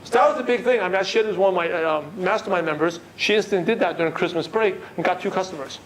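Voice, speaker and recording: A man with a non-native English accent gives a lively seminar talk to a crowd and keeps asking the room questions. His voice sits high and has a faint hiss of noise behind it. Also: fast, poor audio. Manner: animated, coaching, asks the room questions. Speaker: network marketing trainer. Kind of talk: seminar talk to a live audience.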